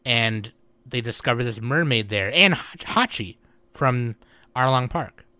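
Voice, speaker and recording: A young man on a podcast recapping manga plot, animated and swearing a lot, acting out the characters' lines. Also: mid-range voice, unhurried, no echo. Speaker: podcast co-host. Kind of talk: casual podcast chat about manga.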